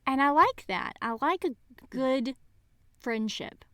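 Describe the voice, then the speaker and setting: Podcast co-host, woman, higher voice, dry close-miked sound; lively storyteller in casual chat. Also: takes it slowly, smooth, no echo. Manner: animated, chatty storyteller. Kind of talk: casual book-club chat.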